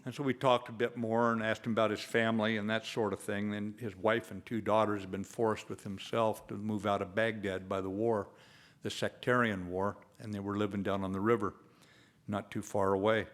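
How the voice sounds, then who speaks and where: An older man, a retired general, giving a speech with a personal war story, told in a measured way with frequent fillers. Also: lowish voice.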